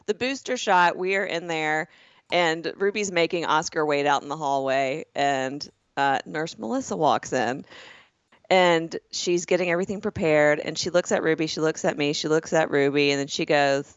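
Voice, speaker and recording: A woman in her forties with a Southern American accent, co-hosting a comedy podcast and telling lively stories with lots of laughter. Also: sits low, moderate pace, smooth, no echo. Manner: animated, laughs often, acts out the people in her stories. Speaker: podcast co-host. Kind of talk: comedic storytelling. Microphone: podcast microphone. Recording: slightly dull, lo-fi, dry.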